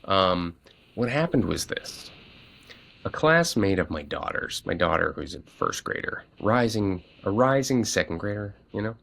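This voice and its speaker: Gravelly, animated dad podcast host. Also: male voice, unhurried. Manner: animated, jumps high to act out quoted voices. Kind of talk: casual storytelling chat.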